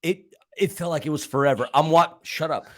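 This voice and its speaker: A man's voice: fairly high pitch, a little fast. A man co-hosting a fan podcast, retelling the match in an emphatic, dramatic way with joking asides. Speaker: podcast co-host.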